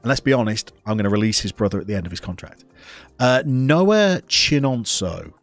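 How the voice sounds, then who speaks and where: A man's voice: lowish voice, sing-song, normal speed, dry recording, faint music behind. A man giving chatty, playful live commentary on a football management game as he streams it, talking to the players and to his chat.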